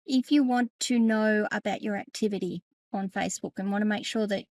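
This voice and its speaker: A chatty, middle-aged woman explains a screen-share tutorial. Her voice sits at an ordinary pitch but has a lot of gravelly fry. The recording is close and dry, with no room sound. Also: steady tone, a little fast, a little mellow, no echo. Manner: chatty, laughs often, self-correcting. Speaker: tech educator and podcast host.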